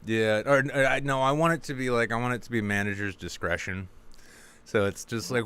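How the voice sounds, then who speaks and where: A man co-hosting a comedy podcast, chatting crudely and jumping into high mocking voices for the people in his stories. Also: a little fast, fairly bright tone, smooth. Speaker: podcast co-host. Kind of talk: casual comedic chat.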